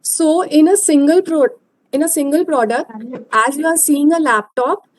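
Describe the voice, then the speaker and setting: A woman giving an online lecture over a video call, explaining slowly and hesitantly. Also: high voice, poor audio.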